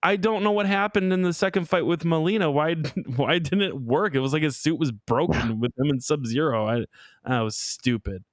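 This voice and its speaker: A young man with a fairly high voice jokes crudely and mocks as he chats, laughing often. The sound is dry and close, with no room in it. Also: moderate pace, no room sound. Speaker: podcast co-host. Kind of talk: casual chat.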